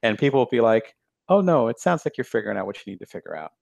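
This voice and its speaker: A man talking about his own experience as an author in a casual conversation, reflective and halting, with frequent fillers. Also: mid-range voice, big pitch swings, vocal fry, darkish tone, dry recording. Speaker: author, guest.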